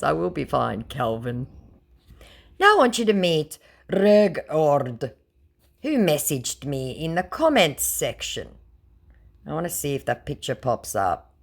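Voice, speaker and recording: A woman reading out her chats with a scammer in a sarcastic, theatrical way, jumping high when she quotes her own replies. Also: sing-song, a little slow. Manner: mocking, theatrical, swings high when quoting herself. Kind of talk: sarcastic read-aloud of chat messages.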